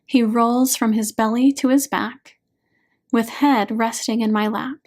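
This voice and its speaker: Slow, gentle woman narrating an audiobook. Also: fairly high pitch, steady tone. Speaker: author and hypnotherapist narrating.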